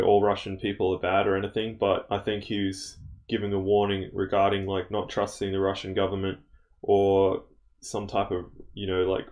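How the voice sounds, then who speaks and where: A young man recounting a dream as a casual spoken testimony, rambling with many fillers and restarts. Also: lowish voice.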